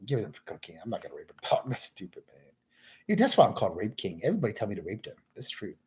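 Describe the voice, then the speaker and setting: A man's voice: lowish voice, big pitch swings, fast, darkish tone, husky. A man talking in a rambling solo monologue, drifting from thought to thought and calling the listener "man.".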